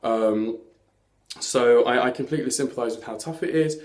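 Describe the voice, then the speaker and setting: A man's voice: mid-range voice, normal speed. A camp man chats through a TV recap at a casual clip, tossing out sassy asides as he goes. His voice sits in an everyday middle register and rings off the walls of an echoey room. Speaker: host of a TV recap show.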